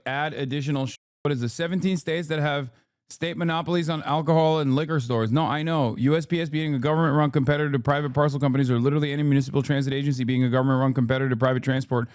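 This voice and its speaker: A man giving casual reaction commentary as a streamer and political commentator, ranting in a profane way with quick asides. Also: medium pitch, a little mellow, no echo, studio quality.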